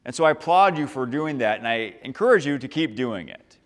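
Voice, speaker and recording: A man giving a lively, upbeat motivational talk to a high school audience and asking the crowd questions. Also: fairly quick. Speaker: motivational speaker. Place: large school hall. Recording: long reverb from a large hall.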